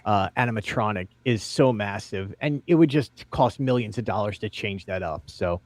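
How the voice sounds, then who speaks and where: A man hosting a casual group chat, animated and quick to laugh as he steers the talk. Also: fairly low pitch, no echo. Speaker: podcast host.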